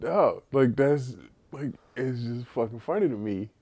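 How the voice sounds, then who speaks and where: A man's voice: mid-range voice, unhurried, mellow, husky. A man co-hosting a podcast, telling stories in casual, profane chat with bursts of laughter. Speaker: podcast co-host.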